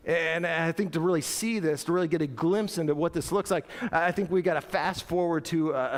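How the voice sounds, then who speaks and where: Man preaching, middle-aged, high voice, playful, long church reverb. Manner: animated, playful, acts out voices with laughter. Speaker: pastor. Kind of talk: sermon. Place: church sanctuary.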